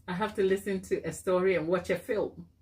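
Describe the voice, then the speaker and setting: A woman's voice: fairly low pitch, steady tone, brisk, a little mellow. A woman hosting a casual baking live stream, thinking aloud as she works, reading viewer comments and laughing often. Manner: thinks aloud while working.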